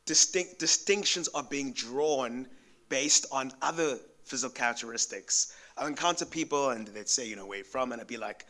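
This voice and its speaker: Man, from South Africa, panel speaker, bright tone, thoughtful, self-correcting, conversational. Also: mid-range voice, moderate pace. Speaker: conference panelist. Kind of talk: academic panel response. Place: conference venue.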